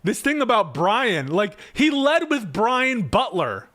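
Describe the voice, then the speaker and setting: A man's voice: high voice, sing-song, slow pace, pushed and bright. Profane, exasperated man streaming politics. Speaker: political streamer reading chat. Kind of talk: casual live-stream commentary.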